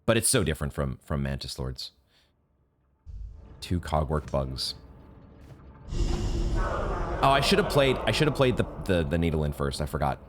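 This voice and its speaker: A young man giving emotional live commentary on a video game, exclaiming often and reading game text aloud slowly. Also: very deep voice, sing-song, a little hiss or hum. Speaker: let's play gamer. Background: game music.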